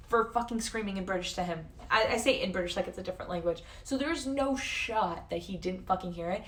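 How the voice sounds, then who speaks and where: A woman's voice: mid-range voice, brisk, few pauses. Chatty young woman streamer, slightly distant mic. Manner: chatty, swears a lot, says "like" constantly. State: losing her voice. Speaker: livestreamer. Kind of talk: casual chat to stream chat.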